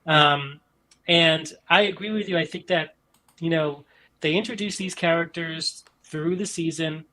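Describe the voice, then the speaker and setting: A man's voice: on the high side, a little slow, pushed and bright, poor audio. A man in casual podcast chat, talking enthusiastically and rambling with many ums, from an upstairs room in his mother's house. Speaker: podcast guest.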